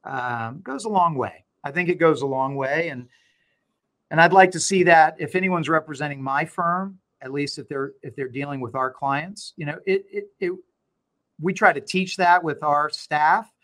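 A middle-aged man, a law firm owner, talking as an interview guest and telling stories with animated, acted-out dialogue. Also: a little high, moderate pace. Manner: animated storyteller, acts out quoted dialogue. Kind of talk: conversational interview.

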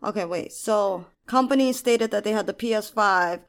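Woman co-host, mid-pitched, dry and wry in casual chat. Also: normal speed. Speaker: podcast co-host.

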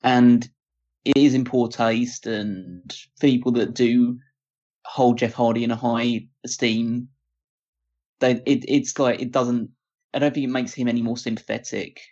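A man co-hosting a casual chat show, picking his words slowly and often starting over. His voice sits at an ordinary middle pitch. The audio is dull and lo-fi. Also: fairly even intonation, darkish tone. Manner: hesitant, restarts often, measured opinions. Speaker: podcast co-host. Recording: dull lo-fi sound.

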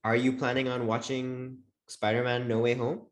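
A person chatting casually with a friend, excitable and given to dramatic exclamations. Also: mid-range voice, moderate pace. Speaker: friend in a chat. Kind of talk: casual chat.

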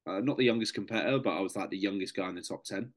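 A man's voice: on the low side, very fast. A young man telling a story on a podcast, chatty, matey and swearing freely. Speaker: podcast guest, serving soldier. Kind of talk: casual storytelling.

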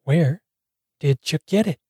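A man's voice: on the high side, sing-song, a little slow, darkish tone, no echo, clean studio sound, voice pushed up. A man doing a taunting sing-song thug. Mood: menacing. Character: menacing male thug, mocking and greedy.

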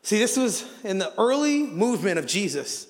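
Guest preacher, male, high-pitched, lively storyteller who acts out quotes, church hall with long reverb. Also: moderate pace. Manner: animated storyteller, acts out quotes, frequent fillers. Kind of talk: sermon with storytelling. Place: church auditorium.

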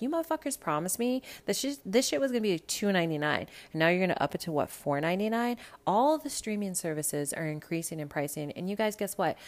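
A woman from the American Midwest hosting a podcast, chatting casually about pop culture with lots of swearing and sudden loud rants. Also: lowish voice. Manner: profane, animated, swings to loud rants. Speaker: podcast host.

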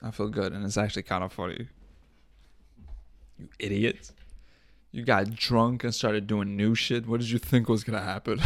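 A young man hosting a casual solo podcast, rambling and swearing with jokes, often coughing and clearing his throat into a close microphone. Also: on the low side, moderate pace, long pauses, no room sound. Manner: rambling, profane, jokey, drifts between loud bits and mumbling. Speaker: podcast host. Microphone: studio microphone up close.

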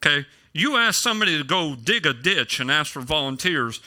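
A man's voice: fairly high pitch, very animated, brisk, bright, forceful tone. A middle-aged male pastor preaching a sermon in a casual storytelling way, with self-deprecating humor.

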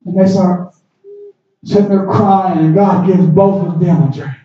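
Male preacher, high-voiced, slow and shouting, recorded from afar in a booming room. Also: steady tone. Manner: rising to shouts, acting out biblical characters. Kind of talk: sermon. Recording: roomy echo, distant mic, dull sound.

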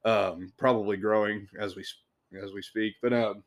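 A man's voice: lowish voice, steady tone, normal speed. A man hosting a podcast, telling a work story in a casual, rambling way with swearing, restarts and chuckles.

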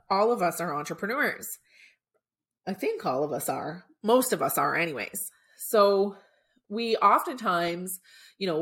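A woman with a somewhat low voice hosts her podcast, telling a personal story in a loose, chatty way. She leans on filler words and sometimes sounds choked up with emotion. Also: fairly bright tone. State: choked up at times. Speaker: podcast host. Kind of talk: casual storytelling monologue.

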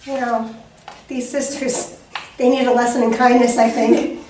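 A woman's voice: a little high, level tone, unhurried, a little mellow. A woman co-hosting story time, chiming in with chatty, sympathetic asides while a story is read. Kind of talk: reacting during a read-aloud. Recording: very echoey room, distant mic, faint noise.

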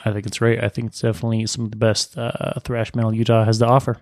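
Deadpan teasing male co-host. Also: mid-range voice, fast, no echo. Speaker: podcast co-host. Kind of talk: casual podcast chat.

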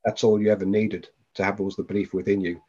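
A man's voice: lowish voice, flat delivery, quick pace, darkish tone, breathy edge, dull audio. A man, a podcast guest, tells a personal story with animation and acts out the voices of the people in it.

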